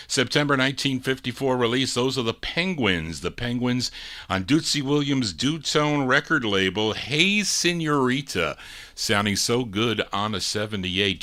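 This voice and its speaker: A man's voice: on the low side, bright, forceful tone. A man hosting a live record show, chatting about old records and their labels in detail.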